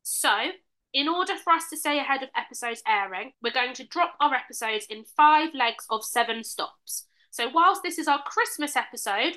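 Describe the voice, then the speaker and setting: A woman's voice: on the high side, bright, forceful tone, poor audio. A woman hosting a casual podcast, teasing her co-host and laughing often.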